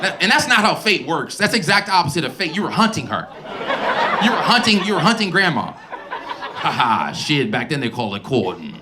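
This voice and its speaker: A male stand-up comedian on a club stage, animated and incredulous, talking into a handheld mic over loud audience laughter. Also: fairly high pitch, brisk, very noisy.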